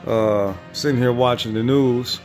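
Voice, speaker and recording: A man's voice: mid-range voice, steady tone, measured pace, a little mellow, soft background music. A man making a casual home vlog in his living room, teasing his dog with playful trash talk and slang, filmed on a phone camera. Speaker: vlogger.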